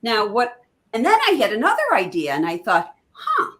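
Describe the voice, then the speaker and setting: A woman's voice: mid-range voice, huge pitch swings, brisk, fairly bright tone. A woman who is a guest in a casual chat, explaining her ideas with enthusiasm. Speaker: guest, oracle card creator.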